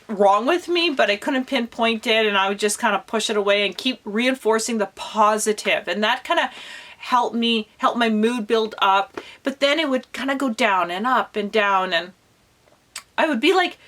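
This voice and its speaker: A woman's voice: a little high, moderate pace, a bit bright. A woman around forty, talking candidly in a personal vlog with lots of casual fillers. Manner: chatty and candid, with many fillers such as "like" and "you know". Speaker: homesteading vlogger.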